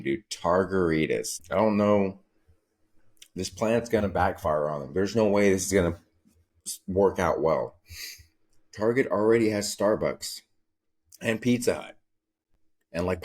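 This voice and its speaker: A young adult man hosting a solo comedy podcast, talking loosely and profanely and acting out scenes in squeaky voices. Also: darkish tone. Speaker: podcast host.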